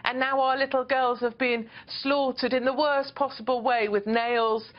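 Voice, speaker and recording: A woman's voice: high voice, fairly even intonation, moderate pace, dull audio. Impassioned British woman columnist guest. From Britain. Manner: impassioned, emphatic, indignant. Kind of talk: remote TV interview.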